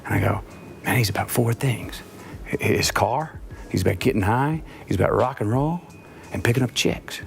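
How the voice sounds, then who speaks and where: Male guest storyteller, lively pitch, laughs through lines, background music audible. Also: moderate pace, creaky. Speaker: interview guest telling stories. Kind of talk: animated anecdote telling. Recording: music under the talk.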